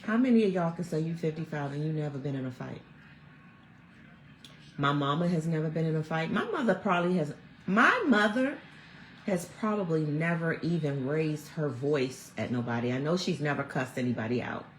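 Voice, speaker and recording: A woman in her fifties talks straight to her viewers from home, telling stories in a chatty, animated way. Her voice sits low but swings widely in pitch. The room adds a noticeable echo with a faint hum behind her. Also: normal speed. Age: 50s. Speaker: vlog host. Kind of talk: casual chat to viewers. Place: at home, snowed in. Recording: roomy echo.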